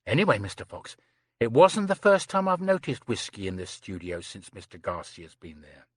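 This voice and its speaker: A man's voice: on the low side, sing-song, normal speed, dry recording, studio quality, voice pushed down. A man voicing a chatty, prim young housemaid who rattles on breathlessly, saying "sir" constantly. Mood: flustered. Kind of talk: audiobook character reading.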